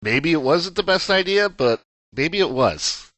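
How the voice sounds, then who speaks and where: A man co-hosting a podcast in casual chat, thoughtful and measured. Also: fairly high pitch, animated, fairly bright tone, dry recording. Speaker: podcast co-host.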